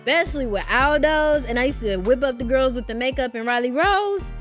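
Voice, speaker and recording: A young woman in her twenties talks as a guest on a casual show, her voice sitting high. She tells stories in an animated way, laughing and swearing freely. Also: a little fast, faint music behind. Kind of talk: casual chat.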